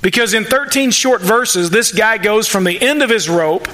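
A man preaching a sermon in church, talking conversationally and acting out prayers in quick asides. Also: sits high, pushed and bright, a little hiss or hum, low-quality recording. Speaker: pastor.

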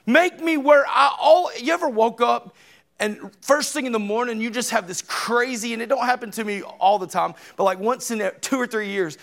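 Man in his thirties, preacher, very high voice, emphatic conversational sermon, loud bursts. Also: normal speed, creaky. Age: 30s.

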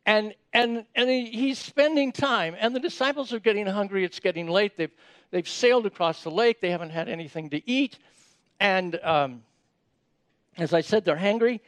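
A man's voice: sits high, normal speed, a bit bright, no room sound. A man giving a sermon in a conversational way, often repeating words as he starts sentences and asking the audience questions. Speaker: preacher.

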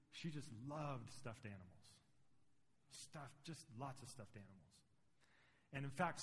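A middle-aged man preaching a sermon as pastor, conversational and building to emphatic points. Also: medium pitch. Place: church sanctuary. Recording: long reverb of a large hall.

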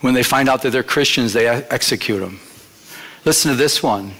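A man's voice: medium pitch, fairly quick, fairly bright tone, slightly rough. A man preaching a sermon in an earnest, conversational way, telling stories from his own life and repeating his phrases. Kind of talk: sermon with personal storytelling.

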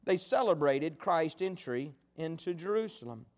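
A man preaching a sermon, telling stories in a folksy, animated way. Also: fairly high pitch, moderate pace. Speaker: pastor.

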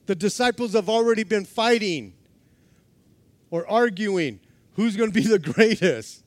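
Guy with a pretty high voice preaching, laughs a lot, goes from loud to almost whispering. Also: a little slow, no room sound. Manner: animated, laughing, acting out quotes with swings from loud to hushed. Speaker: pastor. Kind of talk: sermon.

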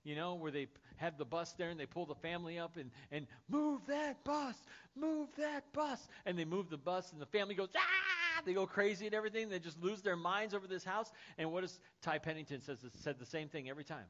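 A man preaching a sermon as pastor, dropping to soft, hushed lines and rising to loud, excited storytelling. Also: fairly high pitch, fast talker, few pauses, muffled recording.

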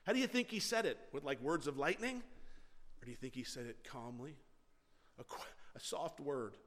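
Preacher man in a reverberant hall. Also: fairly high pitch. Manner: shifts between loud emphasis and soft quiet delivery. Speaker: pastor. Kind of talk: sermon. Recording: long reverb of a large hall.

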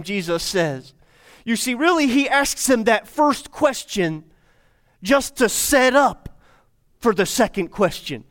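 A man's voice: very high-pitched, lively intonation, takes it slowly, a bit bright. A man preaching a sermon as pastor, speaking to his congregation with repeated phrases and rhetorical questions. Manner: repetitive, rhetorical questions, addresses congregation directly.

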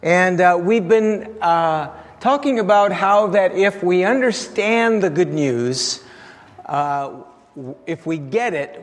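A man preaching a sermon as pastor, telling stories with many fillers and restarts. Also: a little high. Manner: storytelling with frequent fillers and restarts. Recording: long reverb of a large hall.

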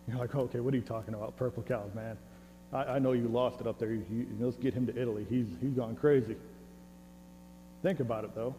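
A man preaching a sermon and leading prayer in a conversational, animated way, often repeating words, recorded on a clip-on mic. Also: medium pitch. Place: church service hall. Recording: reverberant hall with faint hum.

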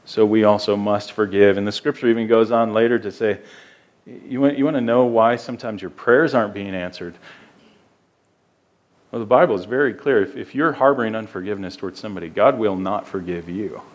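A man's voice: fairly low pitch, a little fast. A man preaching a sermon as pastor, earnest and emphatic, often repeating words as he goes.

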